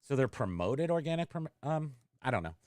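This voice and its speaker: A middle-aged man talks loosely on a livestream, trailing off, restarting, and answering chat comments as they come in. His voice is smooth and clear, in the middle of the range for a man. The sound is close and dry. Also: mid-range voice, very animated, brisk, darkish tone, no echo. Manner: rambling, self-interrupting, reads chat comments aloud. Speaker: online reseller and livestream host.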